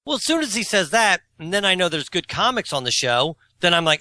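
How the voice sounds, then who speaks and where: Forties guy rambling through a story, high bright voice that jumps all over, dry close sound. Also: big pitch swings, fairly quick, dry recording. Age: 40s. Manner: rambling storyteller, self-mocking, laughs at himself; opinionated and argumentative. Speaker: co-host. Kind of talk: casual podcast chat.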